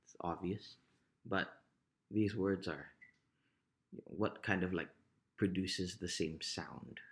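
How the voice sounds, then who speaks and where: Male teacher, low voice, slow casual explaining. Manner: unhurried, often checks in with "right?". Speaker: language teacher. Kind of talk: casual pronunciation lesson.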